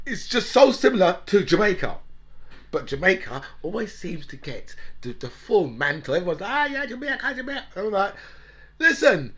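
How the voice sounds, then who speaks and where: A man talking in a loose, rambling monologue. His voice is bright and lively and climbs and dips a lot, and he laughs often and keeps tagging "right?" onto his points. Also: high voice. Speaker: talk show host. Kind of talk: casual monologue.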